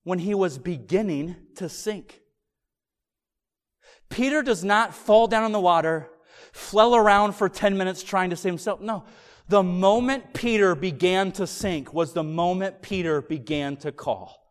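A man preaching a sermon, telling the story vividly and slowing down to stress his main points. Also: high voice. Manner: animated storytelling, emphatic, slows for key points. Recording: long hall reverb.

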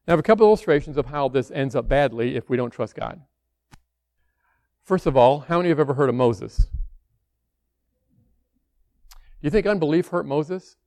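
A man's voice: fairly high pitch, expressive, normal speed, pauses often, darkish tone, dry recording. A man preaching a sermon in a conversational way, acting out the worried voices of church members.

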